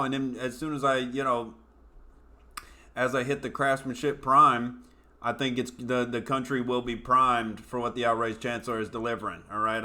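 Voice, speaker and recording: Hosting his own show, a male comedian launches into a profane, scornful rant packed with fillers and asides. His voice is medium in pitch, pushed and bright.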